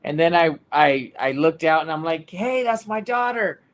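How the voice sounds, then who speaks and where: A man hosting a casual sports podcast, telling a story in an animated way with plenty of fillers. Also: on the high side, moderate pace. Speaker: podcast host.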